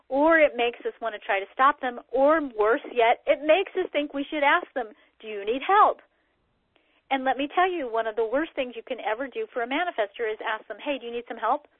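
A middle-aged woman giving a casual talk that explains a personality system, acting out quoted dialogue in lively voices. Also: high-pitched, no echo. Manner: animated, acts out quoted dialogue. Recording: tinny phone-like recording, dry.

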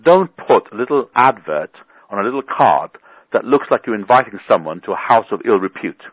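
Animated man on a tinny phone line. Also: on the low side, brisk, breathy edge, no echo. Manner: animated, colorful and blunt. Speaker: business coach. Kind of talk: motivational talk on a phone call. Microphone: telephone.

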